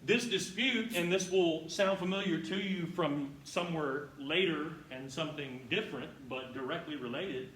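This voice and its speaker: A man's voice: on the high side, normal speed, few pauses, fairly bright tone. A man, a history professor, giving a classroom lecture in a casual way, with salty asides and rhetorical questions to his students. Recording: very echoey room, far from the mic, faint noise.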